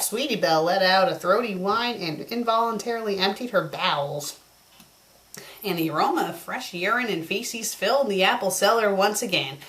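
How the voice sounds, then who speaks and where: Woman, put-on Southern US drawl, a little tipsy, reading aloud, mocking, exasperated asides, middle pitch. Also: a bit bright. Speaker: fanfiction critic host. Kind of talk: reading a story aloud with sarcastic commentary.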